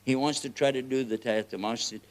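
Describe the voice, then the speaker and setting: A man with a Texan accent preaching a lively, joking sermon, often laughing and swinging between loud and soft. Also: mid-range voice, fast talker. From United States.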